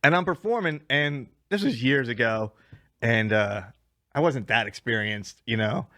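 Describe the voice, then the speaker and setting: A man's voice: medium pitch, expressive, a little slow, pushed and bright, dry recording, studio quality. A man, a stand-up comedian co-hosting a podcast, telling rambling road stories in casual chat, swearing freely and laughing at his own tales.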